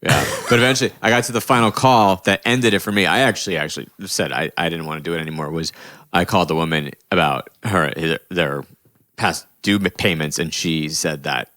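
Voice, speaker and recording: A man with a low voice, from New Jersey, talks through a long story on a podcast. He rambles and corrects himself mid-sentence. The sound is dry and close to the mic. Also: brisk, a bit bright, no echo. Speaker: podcast host. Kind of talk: casual storytelling chat.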